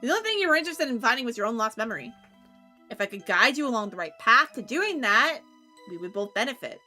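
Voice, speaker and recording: A woman's voice: on the high side, fast, faint music behind, voice pushed down, exaggerated voice. A woman doing Missile, a sly old talking dog. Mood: explaining. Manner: calm, knowing, explaining. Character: wise old male Pomeranian dog, sly and gentle.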